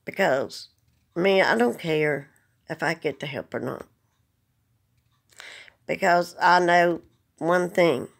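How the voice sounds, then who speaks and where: A woman vlogger speaks slowly, with vocal fry and long pauses, in a fairly low voice. Her direct-to-camera message is emotional, earnest and plain-spoken as she pleads and holds back tears.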